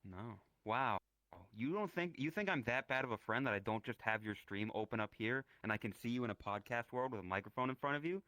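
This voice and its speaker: A man's voice: mid-range voice, animated, fairly quick, sharp tone, no echo, low-quality recording. A man chatting casually with a streamer friend, teasing and playing mock offense. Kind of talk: casual chat.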